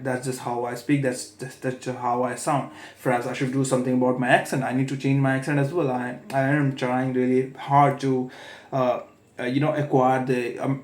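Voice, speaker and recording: A man's voice: medium pitch, darkish tone. Hesitant young man in an echoey room. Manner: hesitant, many fillers and self-corrections. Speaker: vlogger. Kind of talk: rambling solo vlog. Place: room at home at night.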